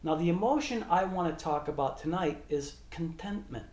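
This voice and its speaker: A man preaching a sermon and reading scripture aloud in measured tones. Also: fairly high pitch, darkish tone. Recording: echoey room.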